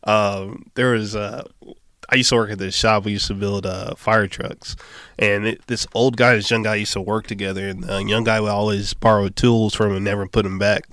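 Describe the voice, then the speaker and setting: Easygoing low-voiced storytelling man. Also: little pitch movement, moderate pace, a bit bright, no echo. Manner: easygoing storyteller who laughs often. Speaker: podcast guest. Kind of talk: casual podcast conversation.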